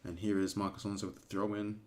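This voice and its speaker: Low-voiced guy streaming a match watch-along, gets super excited and emotional. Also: quick pace. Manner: excitable, bursts into emotional shouting. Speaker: fan streamer commentating a match. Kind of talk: casual live watch-along commentary.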